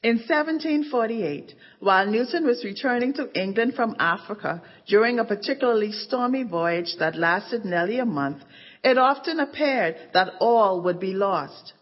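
A woman narrating a story with measured, dramatic emphasis, in a dull recording of an echoing hall. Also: mid-range voice, animated. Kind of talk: scripted narration. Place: church event stage.

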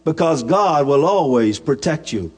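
A man's voice: a little high, animated, a little slow, a little mellow. A man preaching a sermon in a folksy storytelling way, with humorous asides and repeated, restarted phrases.

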